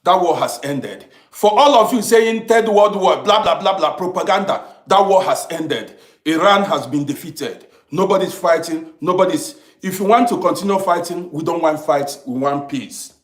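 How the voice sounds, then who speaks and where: A man's voice: high-pitched, lively intonation, moderate pace, roomy sound. A man lecturing his live viewers in a heated, emphatic, repetitive way. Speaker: live streamer reading comments.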